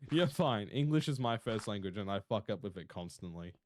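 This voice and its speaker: Lively Australian young man streaming. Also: on the low side, slight background noise. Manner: rambling, fast and swearing casually. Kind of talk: casual livestream chat to viewers.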